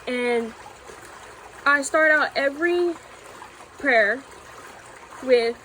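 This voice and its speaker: A woman from Missouri giving an earnest, halting personal testimony about her faith. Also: sits high, bright, forceful tone, slight background noise, low-quality recording. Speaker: church youth member giving testimony.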